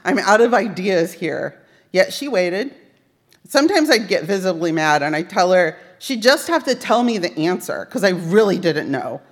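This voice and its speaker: A woman's voice: fairly low pitch, expressive, normal speed. A woman giving a sermon, telling a personal story with wry, self-deprecating humor. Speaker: worship service speaker. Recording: long reverb of a large hall.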